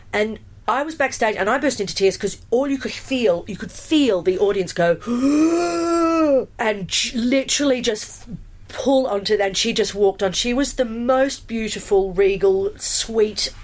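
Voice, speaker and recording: A woman, a musical theatre performer chatting in an interview, animated and full of fillers and restarts. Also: mid-range voice. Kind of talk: casual interview storytelling.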